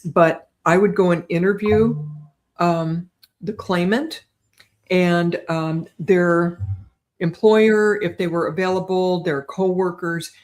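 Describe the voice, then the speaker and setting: An older woman, a guest on an interview show, chatting in a lively way and often checking in with "right?". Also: fairly low pitch, slow. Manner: chatty, animated, tags lines with "right?". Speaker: guest psychic medium. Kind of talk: casual storytelling interview.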